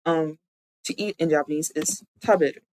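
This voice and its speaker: A VTuber streamer giving a live-streamed language lesson, explaining step by step and repeating words slowly. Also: mid-range voice, a little mellow, no room sound, low-quality recording.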